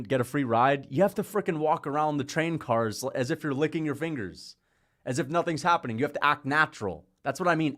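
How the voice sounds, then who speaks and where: A man's voice: fairly high pitch, fairly bright tone. A man streaming live, rambling in casual chat, joking and often laughing, slipping into mocking impressions. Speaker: livestreamer. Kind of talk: casual livestream rant.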